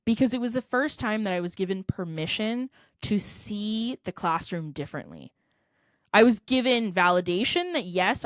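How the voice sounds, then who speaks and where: A woman's voice: medium pitch, no room sound, clean studio sound. A young adult woman from California, a company founder telling a heartfelt personal story in a podcast interview. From California, United States. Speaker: guest, edtech company founder.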